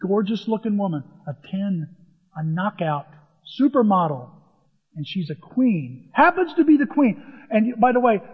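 A man's voice: sits high, breathy edge. Male preacher, storytelling sermon delivery; dull, lo-fi sound. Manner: storytelling, conversational, acts out scenes. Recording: long hall reverb, dull lo-fi.

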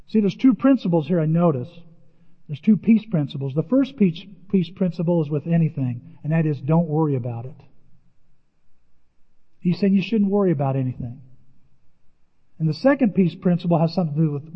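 Older man preaching in a reverberant hall. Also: breathy edge. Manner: animated, acting out quoted voices with big pitch jumps. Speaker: pastor. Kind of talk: sermon. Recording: dull, lo-fi audio with long hall reverb.

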